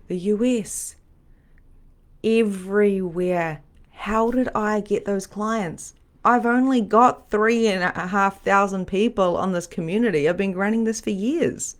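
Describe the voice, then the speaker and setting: A middle-aged woman, a medium and spiritual coach, teaching on a live stream in a chatty, animated, repetitive way. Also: mid-range voice.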